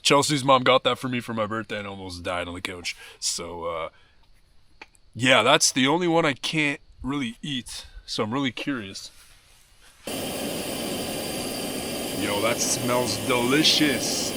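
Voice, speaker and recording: A young man casually vlogging from a wilderness campsite, talking with loose slang and swearing, easily excited. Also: medium pitch, measured pace, pauses often, no echo. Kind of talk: casual camping vlog.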